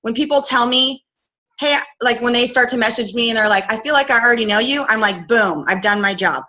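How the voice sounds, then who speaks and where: Chatty woman coach, bright voice. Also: on the high side, fairly quick, rough recording. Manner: chatty, filler-heavy, quoting herself. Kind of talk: casual live training talk.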